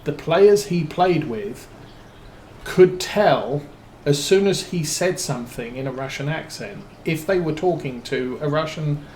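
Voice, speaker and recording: Slow, rambling man in an echoey room. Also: a little high, expressive, a little mellow, slight background noise. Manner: rambling, hesitant, many fillers and restarts. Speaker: streamer. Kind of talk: casual storytelling while playing a farming game.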